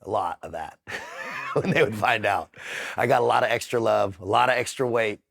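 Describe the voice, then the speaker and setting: A middle-aged man telling his story in a casual interview, blunt and profane, with frequent halting restarts. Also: fairly low pitch, vocal fry, a bit bright. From United States. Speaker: interview guest.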